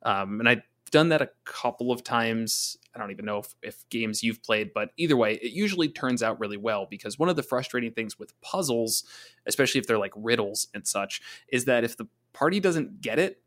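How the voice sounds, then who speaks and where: A man co-hosting a casual tabletop gaming talk, chatty, often slipping into quick voices for monsters and players. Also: mid-range voice, expressive, a bit bright. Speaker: podcast co-host, game master.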